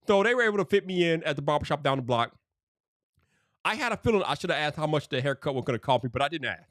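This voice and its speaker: A man's voice: on the high side, fast talker, no echo. A man casually spinning a story on his stream, heavy on slang and "bro". His voice leaps up and down constantly as he talks. The sound is close and dry, with no room around it. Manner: animated, slangy, full of "bro". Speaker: streamer host.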